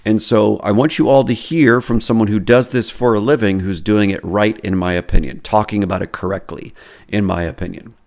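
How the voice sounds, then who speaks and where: A man's voice: lowish voice, fairly even intonation, a little fast, vocal fry, darkish tone. A man hosting a podcast, casually reading and commenting on social media posts with self-deprecating asides. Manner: self-deprecating, chatty, lots of restarts. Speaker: podcast host and therapy professor.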